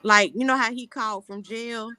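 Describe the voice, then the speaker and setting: Bright blunt-talking woman from Florida. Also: on the high side, fairly even intonation, moderate pace, smooth. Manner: blunt, joking, laid-back storytelling. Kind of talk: casual live-stream chat.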